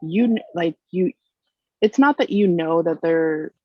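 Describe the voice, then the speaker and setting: A woman's voice: lowish voice, unhurried, no echo. A woman guest on a podcast, talking frankly in casual chat and rambling with many "like" and "you know". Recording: muffled lo-fi sound.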